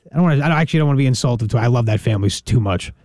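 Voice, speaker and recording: A man in casual chat, joking and animated, often restarting his sentences. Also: medium pitch, rapid-fire.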